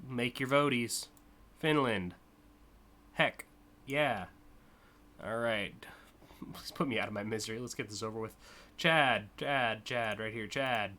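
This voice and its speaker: A young American man hosting a live stream, rambling in casual commentary with lots of fillers and quick laughs. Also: medium pitch, pushed and bright. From United States. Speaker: streamer hosting a community car contest.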